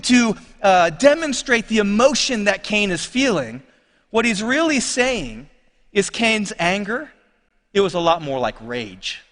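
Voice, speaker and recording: Guy preaching in church, high lively voice, keeps asking the crowd stuff, big hall echo. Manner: conversational preaching with audience questions. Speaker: pastor. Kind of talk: sermon. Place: church sanctuary.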